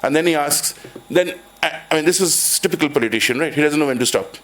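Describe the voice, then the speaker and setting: A man's voice: a little high, fast, a bit bright. A man with an Indian English accent giving a university lecture on finance, rambling with frequent restarts and telling anecdotes. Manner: rambling, many restarts and "kind of", jokey storytelling. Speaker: finance professor. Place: lecture hall.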